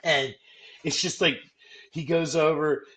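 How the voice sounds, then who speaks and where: A man co-hosting a casual movie podcast, animated and retelling scenes with plenty of "like". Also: fairly high pitch, slow pace. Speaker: podcast co-host.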